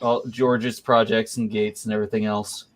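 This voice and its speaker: A man's voice: fairly low pitch, little pitch movement, normal speed. A man hosting a geek podcast, chatting casually and announcing the show with a theatrical flair. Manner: theatrical, playful announcer delivery. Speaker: podcast host. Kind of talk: casual chat and show intro.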